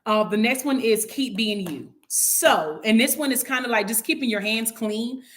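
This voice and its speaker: A woman's voice: fairly high pitch, normal speed. Woman teaching a casual Bible study. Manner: conversational, preachy, acts out little quoted scenes.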